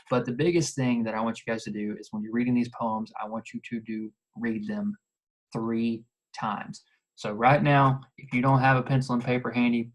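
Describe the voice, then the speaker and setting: A man teaching a recorded video lesson, talking casually and repeating instructions slowly so students can write them down. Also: medium pitch, poor audio.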